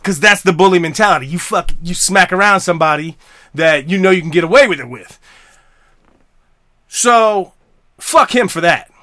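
A man's voice: high-pitched, normal speed, long pauses, sharp tone, no room sound, clean studio sound. Profane, heated man ranting. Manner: profane, heated, stammering restarts. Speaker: podcast host. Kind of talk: angry solo rant.

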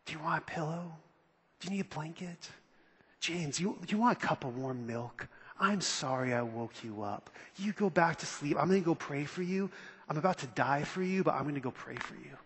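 A man voicing a gently apologetic man who fusses over sleeping friends, as a whispered role-play in a hushed, soft voice. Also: on the high side, lively intonation, normal speed, husky, exaggerated voice. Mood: fussing, apologetic.

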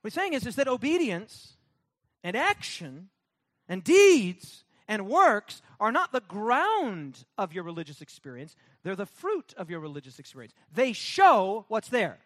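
Guy preaching a sermon, pretty high voice, leans on call and response, gets sarcastic. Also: wildly swooping pitch, a little slow, a bit bright, no echo, clean studio sound. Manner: emphatic, repetitive, call-and-response with congregation; mocking sarcastic put-on voices for effect. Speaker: pastor.

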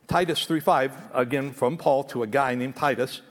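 A man's voice: medium pitch, moderate pace, long reverb tail. A man preaching a sermon as pastor, emphatic and conversational, often restarting his words.

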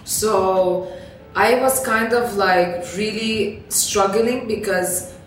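A woman's voice: mid-range voice, drawn-out words. A young woman, a non-native English speaker, tells a personal story as a podcast guest, talking casually with lots of fillers and laughs. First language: not English. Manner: animated, laughing, many fillers like "like". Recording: echoey room, distant mic, faint noise.

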